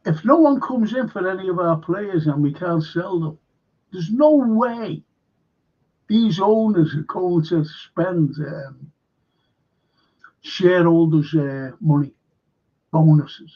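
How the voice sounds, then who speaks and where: An older man with a Liverpool accent, rambling bluntly and swearing as he hosts a live football chat. His voice is husky and sits a little high. The stream audio sounds dull and lo-fi. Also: takes it slowly, pauses often. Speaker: host.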